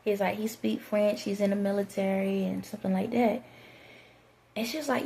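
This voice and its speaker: Gravelly low-toned woman telling a story. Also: fairly even intonation, fairly quick, dark tone. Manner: conversational, drifts into quoted dialogue and spiritual asides. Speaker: vlogger. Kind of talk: rambling storytime monologue.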